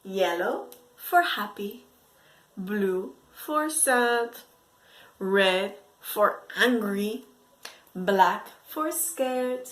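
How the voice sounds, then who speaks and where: A woman teaching to preschool children through a story, speaking in an exaggerated, expressive way with gasps and whispered asides. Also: medium pitch, very slow. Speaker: English teacher for young children.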